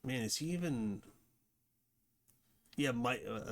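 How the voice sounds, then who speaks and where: A man's voice: medium pitch, expressive, takes it slowly, pauses often. A man hosting a casual movie review, rambling with many fillers and restarts. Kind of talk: casual unscripted commentary.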